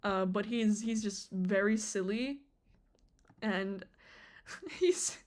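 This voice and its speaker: A woman's voice: medium pitch, steady tone, slow. A young woman streamer chatting casually on a live stream, rambling with many fillers and restarts.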